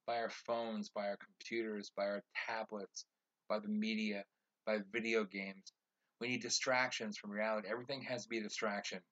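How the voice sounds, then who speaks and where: A man's voice: lowish voice, fairly bright tone, muffled recording. A man hosting his own podcast, delivering a fired-up social commentary rant that repeats phrases for emphasis. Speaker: podcast host.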